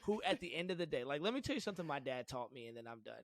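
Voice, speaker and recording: A man's voice: a little high, sing-song, rapid-fire. A man co-hosting a casual college sports podcast, who tells stories and laughs often. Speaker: podcast co-host.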